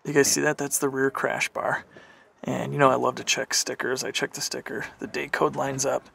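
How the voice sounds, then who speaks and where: Male vlogger, gravelly and bright, chatty inspection commentary outdoors. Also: mid-range voice, flat delivery, normal speed, slight background noise. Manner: chatty, thinks aloud while inspecting. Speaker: car flipper vlogger. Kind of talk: casual walkaround commentary.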